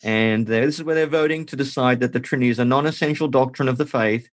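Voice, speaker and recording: Man, podcast host, animated and joking, asks questions, casual discussion. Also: mid-range voice, fast, dry recording.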